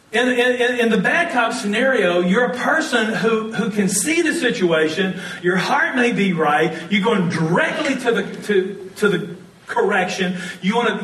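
A man preaching a sermon, telling stories in an animated way and often laughing as he talks. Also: high voice, roomy sound, far from the mic, poor audio. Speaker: pastor.

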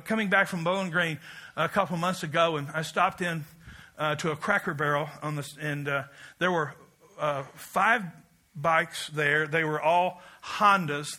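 A middle-aged man preaching a sermon, emphatic and climbing to loud peaks, then dropping into folksy storytelling asides. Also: a little high, steady tone, normal speed. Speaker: pastor.

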